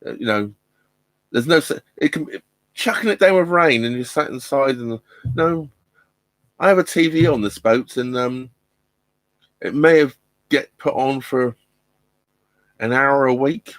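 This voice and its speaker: A middle-aged vlogger hosts a casual live stream from inside his narrowboat, his mid-range voice picked up by a laptop mic with no echo. He speaks unhurriedly, pausing often, hesitant and full of ums and restarts.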